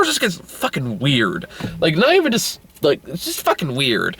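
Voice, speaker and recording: A man ranting through a casual movie review, exasperated and profane, often jumping into high, incredulous outbursts. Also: huge pitch swings, normal speed, a bit bright, breathy edge.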